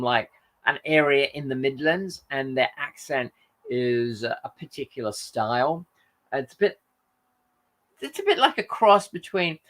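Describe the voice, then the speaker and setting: Male host, chatty and rambling, very animated pitch. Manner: rambling, loses his thread and corrects himself. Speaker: channel host. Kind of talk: casual live-stream chat reading viewer comments.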